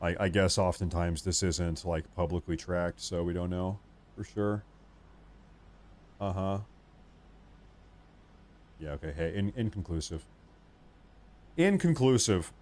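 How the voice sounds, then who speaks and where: A man's voice: low voice, measured pace, pauses often, a little mellow. A man hosting a live stream, talking casually and rambling, often restarting and muttering asides to himself.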